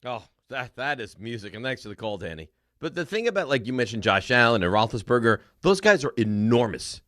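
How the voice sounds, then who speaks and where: A man's voice: medium pitch, big pitch swings, fairly quick, a bit bright, no echo. A man co-hosting a sports talk radio show, easygoing and teasing his partner. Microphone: studio mic.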